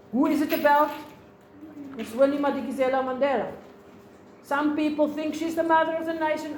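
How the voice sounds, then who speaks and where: A South African woman teaching a lesson, explaining slowly, repeating points and asking the class questions. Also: sits high, darkish tone, echoey room, slight background noise, poor audio.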